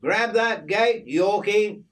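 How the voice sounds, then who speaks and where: A man's voice: high voice, slow pace, voice pushed up. A man voicing a friendly, grinning outback bloke with an Australian accent and breezy matey slang. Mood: cheery.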